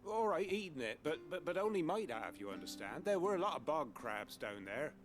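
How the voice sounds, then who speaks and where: A man's voice: a little high, very animated, a little fast, faint music behind. A wheedling fisherman villager. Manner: wheedling and rambling. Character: sheepish middle-aged male fisherman villager. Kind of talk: video game dialogue.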